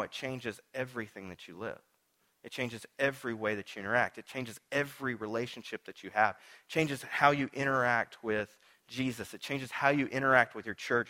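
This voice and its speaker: A male pastor preaching a sermon to a congregation in a casual, conversational way, moving between loud emphatic passages and hushed, slow ones. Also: mid-range voice.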